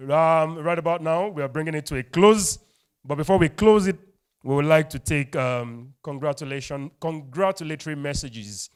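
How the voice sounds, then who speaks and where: A man with a Nigerian English accent emcees a live event with energetic call-and-response. His voice is smooth and clear and sits a little high. He sounds upbeat and draws the crowd along. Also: normal speed. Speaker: event host. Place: event hall.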